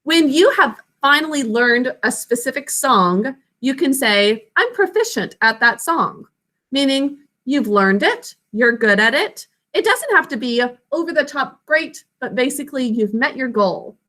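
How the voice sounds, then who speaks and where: A young woman teaching a class, slowly sounding out words and their syllables. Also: sits high, animated, pushed and bright. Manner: clear, slow enunciation of words and sounds. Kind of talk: classroom spelling lesson.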